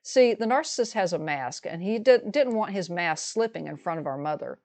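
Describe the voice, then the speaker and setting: A middle-aged woman calmly recounting a personal story in a measured, matter-of-fact way. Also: lowish voice. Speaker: vlogger telling a personal story. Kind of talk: storytelling monologue.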